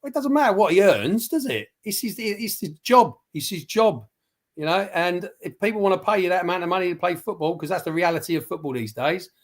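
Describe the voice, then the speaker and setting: Passionate rambling pundit. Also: male voice, high voice, lively intonation, fast talker. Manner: rambling, passionate, many restarts. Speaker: football pundit. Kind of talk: casual livestream football chat.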